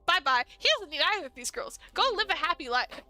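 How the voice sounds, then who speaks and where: A young woman streamer reacting live to a dating game, animated and indignant, laughing often. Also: high-pitched, fast talker, faint music behind.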